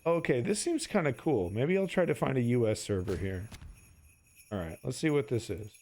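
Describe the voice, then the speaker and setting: A man's voice: mid-range voice, lively intonation, moderate pace, a little mellow. A sleepy man streaming a game, rambling through goofy, profane banter as he plays. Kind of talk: casual gameplay commentary.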